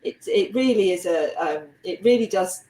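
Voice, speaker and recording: A woman's voice: lowish voice, normal speed, echoey room, slight background noise, poor audio. Chatty woman host with a London twang. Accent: light South London twang. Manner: chatty, laughs easily, animated asides. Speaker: host and curator. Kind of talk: casual video-call interview. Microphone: video call.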